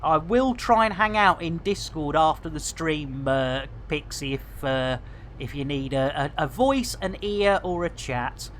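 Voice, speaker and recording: A man's voice: fairly high pitch, animated, a little slow, a bit bright, slight background noise. A man rambling casually to his chat while streaming a game. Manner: chatty, rambling, jokey.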